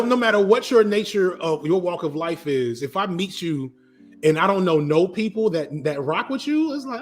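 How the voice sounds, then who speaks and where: A man talking casually as a podcast guest, shifting between loud emphatic bursts and quiet, drawn-out musing. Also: fairly high pitch.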